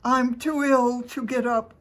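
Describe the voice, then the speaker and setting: Wolf squeaking like a granny, as an old lady reads it, nervous and loud, storybook. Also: fairly even intonation, measured pace. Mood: flustered. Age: older. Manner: squeaky, strained falsetto. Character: flustered male wolf pretending to be Granny. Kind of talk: storybook reading.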